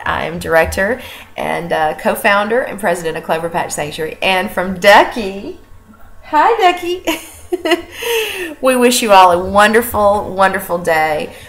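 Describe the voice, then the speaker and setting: Here the sanctuary director's voice sits fairly low and has a creaky quality. Hosting the casual animal sanctuary update, she talks in an earnest, conversational way, often restarting and using fillers.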